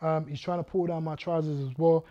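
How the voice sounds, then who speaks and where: Animated man telling his testimony. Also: a little high, fairly quick, highs cut off. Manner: vivid storyteller who reenacts scenes and directs the audience. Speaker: guest speaker. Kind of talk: testimony storytelling to a youth audience.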